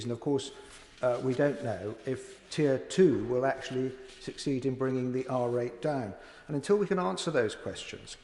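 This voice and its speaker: A man's voice: mid-range voice, a little mellow. Male MP questioning in an echoing chamber. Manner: formal, pressing questions. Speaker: member of parliament. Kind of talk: parliamentary question. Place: large debating chamber, indoors. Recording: echoey chamber with long reverb.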